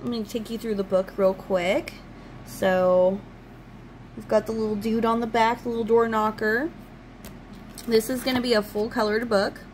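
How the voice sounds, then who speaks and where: Casting: woman vlogger, mid-pitched, gushing fan chatter, casual unboxing. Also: slight background noise, rough recording. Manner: gushing, enthusiastic fan talk. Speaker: channel host.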